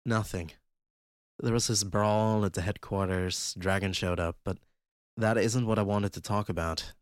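A man voicing a sly young man who speaks through a girl's body, in a flat, faintly sarcastic hush. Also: fairly low pitch, unhurried, no echo, clean studio sound, close to an everyday voice. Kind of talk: audiobook character voice.

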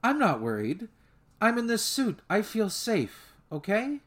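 A man voicing a calm female therapist who speaks in a soothing, reassuring way. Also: sits high, unhurried, voice pushed up, heavily acted.

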